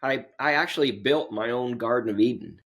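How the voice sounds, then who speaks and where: A man's voice: mid-range voice, brisk, creaky, a bit bright. A man, a podcast guest in casual chat, telling jokes and anecdotes with a chuckle. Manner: joking storyteller, acts out voices in anecdotes; chuckles while telling stories.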